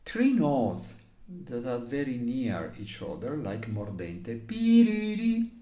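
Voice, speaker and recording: With an Italian accent and non-native English, a man gives a recorder lesson on phrasing, pausing hesitantly at points and singing passages on syllables. His voice is mid-range and mellow, slow with lively intonation, and the room is echoey.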